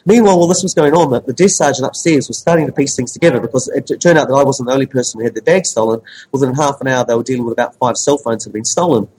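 Fast-talking husky man telling stories. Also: mid-range voice, low-quality recording. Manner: animated storyteller. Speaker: journalist. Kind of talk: casual chat.

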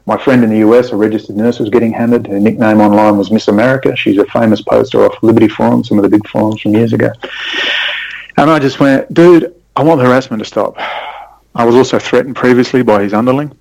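A man, a podcast guest, telling rambling, excitable stories in casual conversation. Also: on the low side, fast talker, vocal fry, dry recording, poor audio. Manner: rambling, excitable storytelling with sudden animated spikes.

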